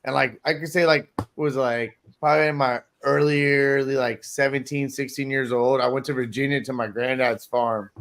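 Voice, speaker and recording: A man's voice: medium pitch, steady tone, moderate pace, hardly any pauses, fairly bright tone, slight background noise. A man telling crude hunting stories in a casual chat, swearing freely and laughing often. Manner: crude, profane storyteller who laughs often.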